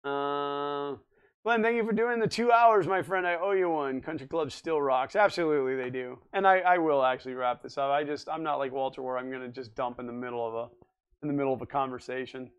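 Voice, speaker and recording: A man's voice: medium pitch, fairly quick, clear, resonant tone, muffled recording. A man in his forties hosting a casual live stream, rambling and chatting as he answers viewers' comments. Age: 40s. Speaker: livestream host.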